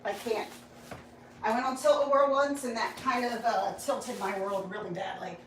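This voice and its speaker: A woman's voice: fairly high pitch, moderate pace, a little hiss or hum, poor audio. A middle-aged woman, chatting casually on a live stream from her phone at home, greeting viewers by name and laughing often. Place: home kitchen.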